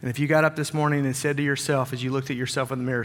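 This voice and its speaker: A man's voice: mid-range voice, flat delivery, very fast, a bit bright, slight background noise. A man serving as senior pastor, delivering a sermon with announcements, upbeat and joking with the congregation in a large church auditorium. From Wisconsin. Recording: long hall reverb.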